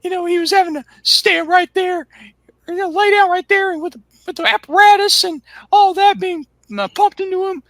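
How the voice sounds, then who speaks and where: A young man doing a high, frantic impression of an excitable man grieving his pet rat, yelling minced oaths. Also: normal speed, no echo. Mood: distraught.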